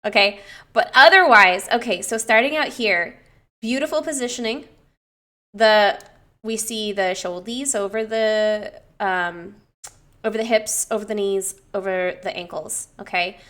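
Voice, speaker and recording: A young woman personal trainer casually reviewing clients' lifting technique, chatty and given to swearing and gushing excitement. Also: mid-range voice, unhurried.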